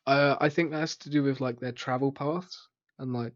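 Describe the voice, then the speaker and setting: A man's voice: medium pitch, steady tone, moderate pace. A man co-hosting a casual podcast chat, chatty and easily amused. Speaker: co-host. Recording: slightly dull, lo-fi mic.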